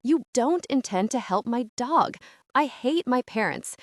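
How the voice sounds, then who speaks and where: A woman's voice: expressive, unhurried, dry recording, clean studio sound. A woman doing a furious eight-year-old girl. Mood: outraged. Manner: higher, louder, outraged child voice.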